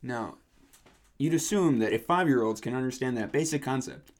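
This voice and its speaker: A man's voice: mid-range voice, animated, normal speed. Grumbling teenage guy. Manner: grumbling, exasperated complaints. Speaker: podcast co-host. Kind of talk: casual chat.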